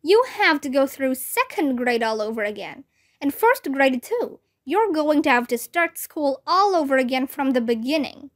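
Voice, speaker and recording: A woman reading aloud voices the ghost of a female teacher who calmly delivers bad news. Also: high voice, normal speed. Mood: matter-of-fact.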